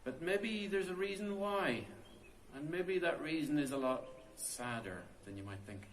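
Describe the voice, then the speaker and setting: A man with a voice on the high side tells a folk tale unhurriedly and with lively intonation, chatty and unscripted. The storyteller is inside a stone cave tomb, so the recording has a roomy cave echo plus a little hiss or hum, in oral folk storytelling.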